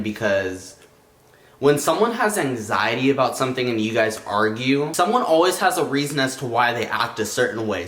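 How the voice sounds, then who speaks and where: A man's voice: mid-range voice, a bit bright. Earnest young man in an echoey room. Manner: earnest, slow and halting, restarts often. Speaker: vlogger, partner in a couple channel. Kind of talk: emotional relationship talk to camera.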